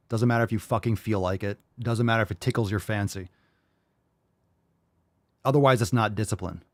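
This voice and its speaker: A man's voice: a little mellow, no echo, clean studio sound. Blunt, swearing male podcast host. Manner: blunt and profane, with sudden jumps in pitch. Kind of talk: ranting podcast monologue.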